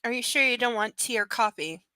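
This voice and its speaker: A woman reading a frightened young woman's lines in a novel, gentle and cautious. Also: a little high, expressive, a little fast, no room sound. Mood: gentle, wary.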